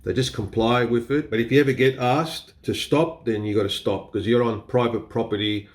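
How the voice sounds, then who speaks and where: A man's voice: medium pitch, fairly even intonation, normal speed. A man with an Australian accent chatting casually to camera as a photography vlogger, laughing often and swearing a little. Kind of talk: casual explainer talk to camera.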